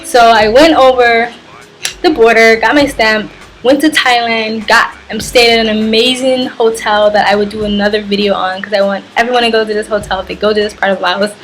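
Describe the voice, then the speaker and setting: A woman's voice: on the high side, a little fast, soft background music. A young woman telling a travel story on her vlog, acting out the dialogue and filling it with "like". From United States. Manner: animated retelling, heavy use of "like". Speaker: travel vlogger.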